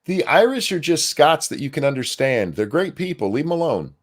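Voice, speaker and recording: A man's voice: on the high side, very animated, brisk. A man co-hosting a casual political commentary chat, blunt and sarcastic, swearing freely and reading viewer messages aloud. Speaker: podcast co-host.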